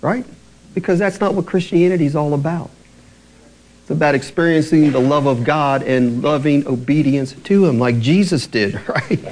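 A man preaching a sermon in an earnest way, slowing down and dropping his voice low when he reads scripture, with light laughs between points. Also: darkish tone. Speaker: pastor.

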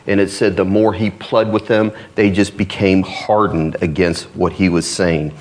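A man's voice: fairly even intonation, unhurried, darkish tone. A man preaching a sermon, reading an old allegory aloud with dramatic rises on the characters' cries. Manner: reads old-fashioned text dramatically, rising pitch on cries.

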